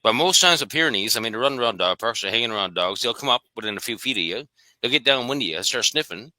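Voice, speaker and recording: A man chatting casually about dog breeds in a quick, matter-of-fact way. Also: medium pitch, expressive, pushed and bright, no room sound, poor audio. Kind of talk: casual conversation.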